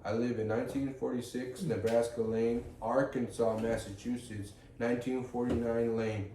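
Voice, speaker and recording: A man co-hosting a comedy podcast, riffing loosely and chanting silly rhymes. His voice is mellow and relaxed. He sits back from the mic in an echoey room with faint background hiss. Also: mid-range voice, moderate pace, recorded from a distance. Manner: loud improvised chanting and silly rapping. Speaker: podcast co-host. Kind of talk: casual comedic banter. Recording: roomy, off-mic with faint noise.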